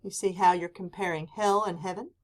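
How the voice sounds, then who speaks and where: With a voice on the low side and fairly even intonation, a woman teaches a classroom lecture deliberately, putting emphasis on the examples she quotes.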